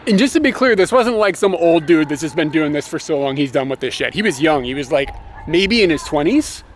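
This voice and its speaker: A young man telling a story in a casual travel vlog, animated and swearing, laughing as he rants. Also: a little high, fairly quick. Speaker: motovlogger.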